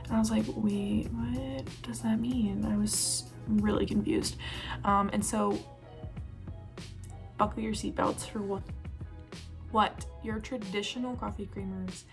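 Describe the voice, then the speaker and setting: A woman's voice: mid-range voice, level tone, measured pace, long pauses, over music. Chatty young woman rambling to camera. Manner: chatty and rambling, with many fillers and self-corrections. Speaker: vlogger. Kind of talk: casual talking-to-camera vlog.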